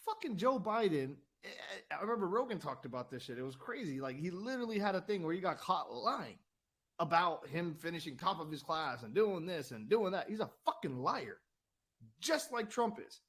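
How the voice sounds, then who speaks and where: A man's voice: high voice, very animated, normal speed, a bit bright. A man ranting heatedly on his own channel, swearing often, repeating words and asking "right?" again and again. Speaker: channel host. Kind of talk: heated political rant.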